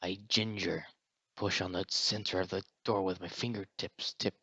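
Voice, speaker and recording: A man's voice: sits low, fairly even intonation, normal speed, bright, forceful tone, husky, dry recording. A man casually reading a visual novel aloud with a friend, joking and swearing. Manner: joking, profane. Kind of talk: casual read-along chat. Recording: dull lo-fi mic.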